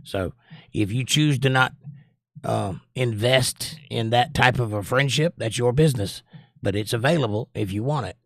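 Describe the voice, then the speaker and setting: A man with a faint Georgia accent, hosting a casual livestream and reading viewers' comments before he talks them through. His voice is mid-pitched, with a dry, close sound and no room around it. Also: moderate pace, a bit bright, dry recording. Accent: Georgia (US Southern), mostly suppressed. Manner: reads chat aloud in a lifted voice, then muses analytically. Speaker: livestream host reading chat. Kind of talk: casual chat.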